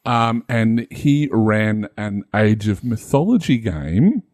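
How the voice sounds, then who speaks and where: A man's voice: on the low side, big pitch swings, slow, darkish tone, no room sound, clean studio sound. A man, a game master co-hosting a casual podcast, rambling and self-deprecating with many fillers.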